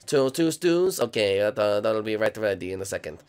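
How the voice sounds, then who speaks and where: A man voicing a formal male restaurant waiter who speaks slowly and drags his words, in a game role-play. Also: on the low side, lively intonation, a little mellow, clean tone, voice pushed down, close to an everyday voice. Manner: slow, drawn-out, formal.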